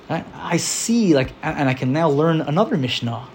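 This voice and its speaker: A man's voice: on the high side, expressive, normal speed, gravelly, few pauses, slight background noise. A man teaching an informal religious class in a chatty, loose way, often acting out little quotes. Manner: chatty, full of "like", acts out quotes. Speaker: Torah teacher.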